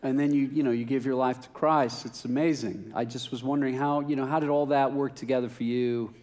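A man's voice: medium pitch, a little fast. A middle-aged man preaching a sermon, telling a personal story with self-mocking humor and acting out the dialogue. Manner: animated, self-mocking, acts out dialogue with rising laughter.

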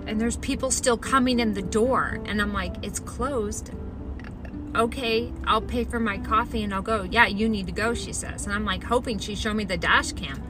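A middle-aged woman telling a personal story in a chatty, animated way, acting out the voices of the people in it. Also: mid-range voice. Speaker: storyteller recounting her own experience. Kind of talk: casual spoken storytelling.

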